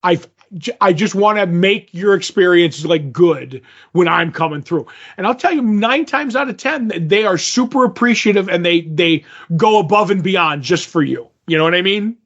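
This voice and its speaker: A man with a high voice tells a story in a casual chat, bouncing into the voices of the people he quotes. The audio is dull and lo-fi, like a cheap podcast recording. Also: normal speed. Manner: animated, acts out quoted dialogue. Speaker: podcast co-host.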